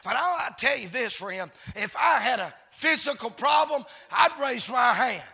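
A male preacher delivers a sermon in a high, bright, gravelly voice. He drops to low murmurs, then rises into shouted, rhythmic calls to the congregation. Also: expressive, normal speed. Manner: swings from low murmurs to shouted, chanted climaxes.

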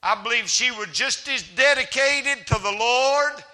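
Male evangelist, very high bright voice, folksy sermon delivery, church hall reverb. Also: unhurried. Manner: folksy preaching with humor and rising emphasis. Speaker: evangelist preacher.

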